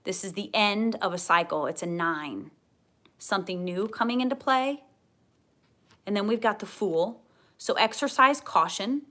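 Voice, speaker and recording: A woman talks through a tarot spread in a gentle, earnest way at an ordinary pitch. She often repeats her key phrases for emphasis. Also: measured pace. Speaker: tarot reader. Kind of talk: tarot reading to camera.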